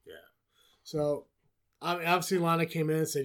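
A man's voice: on the high side, flat delivery, a little fast, fairly bright tone. Profane, sarcastic man recapping wrestling. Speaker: podcast co-host. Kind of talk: casual wrestling recap chat.

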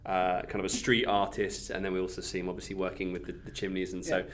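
This male podcast co-host's voice is low, monotone and fast as he thinks aloud about a movie. It's a casual discussion, halting and full of fillers and trailing phrases.

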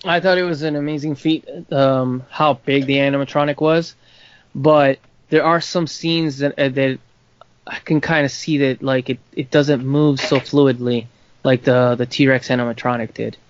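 A man's voice: medium pitch, fairly even intonation, normal speed, clear, resonant tone. A man co-hosting a podcast in casual chat, easygoing and a little hesitant. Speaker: podcast co-host. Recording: slightly dull audio.

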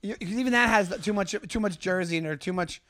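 A man co-hosting a comedy podcast in casual chat, enthusiastic, laughing often and slipping into quick impressions. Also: high voice, bright, forceful tone, no echo. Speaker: podcast co-host.

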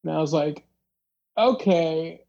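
A podcast host telling a story in a loose, casual way, full of fillers and acted-out dialogue. The voice sits at a middle pitch with a mellow, darker tone. The recording sounds slightly dull and lo-fi. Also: slow pace, vocal fry. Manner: rambling, filler-heavy, acts out dialogue.

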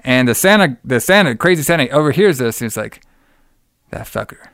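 A man in a loose, rambling podcast chat, swearing freely and laughing as he goes. His voice is smooth and resonant at a middling pitch. The sound is dry, with little room to it. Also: expressive, fast talker, fairly bright tone, no echo. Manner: profane, laughs often, rambling storyteller. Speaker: podcast co-host recapping a movie. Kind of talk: casual chat.

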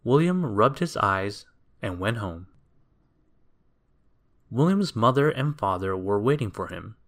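A man reads a children's story aloud in a low, gentle voice. His pitch moves in a lively, expressive way, and he takes his time, letting each sentence unfold slowly.

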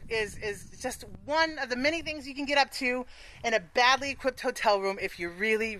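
A woman's voice: mid-range voice, bright, forceful tone, low-quality recording. A woman telling a frank, profane story on stage, laughing often, then hosting the next part of the show.

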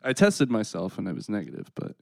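A man co-hosting a podcast, chiming in with quick dry jokes in casual chat. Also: fairly low pitch, wildly swooping pitch, creaky, dry recording. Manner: quick dry quips, jokey. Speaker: podcast co-host.

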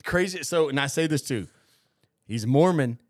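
A man's voice: fairly high pitch, lively intonation, moderate pace, no room sound, clean studio sound. A young man hosting a podcast, telling a rambling, profane story in casual chat, full of fillers and restarts. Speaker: podcast host.

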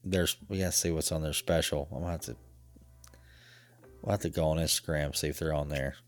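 A man's voice: a bass voice, a little fast, faint music behind. A man co-hosting a casual chat, telling stories in a laid-back way and laughing often.

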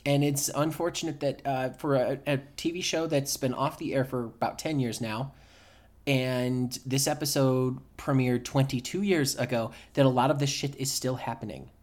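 A man's voice: mid-range voice, steady tone, normal speed, darkish tone. A man co-hosting a podcast in casual chat, blunt and swearing freely as he builds into rants. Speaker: podcast co-host.

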